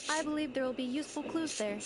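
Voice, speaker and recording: A woman voicing a calm, precise android. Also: high voice, close to an everyday voice. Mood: composed. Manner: measured, precise, formal. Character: calm analytical female android caretaker. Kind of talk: video game voice acting. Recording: game audio with loud noise.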